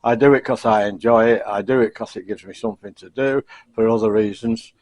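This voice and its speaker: A middle-aged man giving a casual, rambling sign-off to camera from a home kitchen, halting with lots of fillers, chuckling and self-deprecating. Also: lowish voice, steady tone, a little mellow, dry recording. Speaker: cooking vlogger. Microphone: camcorder.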